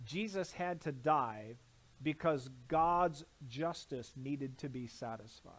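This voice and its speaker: A man delivers a sermon from the pulpit. His voice sits high and carries emphasis. He repeats key phrases and keeps turning questions back to the congregation. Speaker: pastor. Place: church sanctuary.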